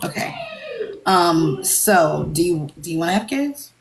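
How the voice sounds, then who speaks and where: A woman's voice: lowish voice, big pitch swings, measured pace, vocal fry. A woman hosting a casual live interview, chatty and emphatic, laughing easily. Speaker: livestream interviewer.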